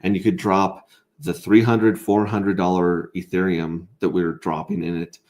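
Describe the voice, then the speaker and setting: A man with a somewhat low voice runs a casual livestream and reads out viewers' comments. He talks excitably and rambles, tripping over his words and restarting sentences as he goes. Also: a little slow. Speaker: livestream host.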